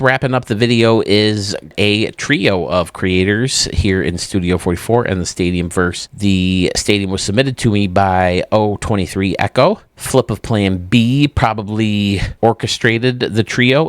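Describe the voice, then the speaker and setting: Enthusiastic man with a low, dry voice. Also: clean tone, no room sound. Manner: enthusiastic and chatty, often laughing at himself. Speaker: YouTube host. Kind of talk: casual commentary while touring video game stadiums.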